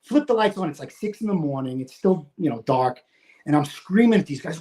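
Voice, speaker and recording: A man in his fifties, a retired firefighter from the United States, swearing freely as he tells a story in casual conversation and acting out his own shouting. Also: fairly high pitch, fairly quick. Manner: profane, animated, acts out his own shouting.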